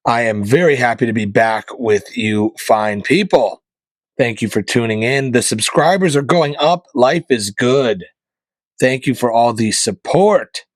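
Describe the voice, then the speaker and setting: Male podcast host from northeastern Pennsylvania, mid-pitched, deadpan, rambling comic monologue on a dry mic. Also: no room sound. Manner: deadpan joking, rambling asides. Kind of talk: casual comedic monologue.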